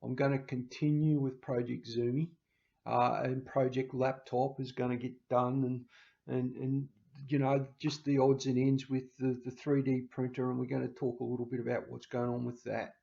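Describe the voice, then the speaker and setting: A man with a very gravelly, mellow voice talks haltingly into a handheld camera, stumbling and restarting often while sounding emotional. The slightly dull, lo-fi recording fits a casual home vlog. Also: mid-range voice, little pitch movement. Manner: halting, with frequent restarts and stammers. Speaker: channel host.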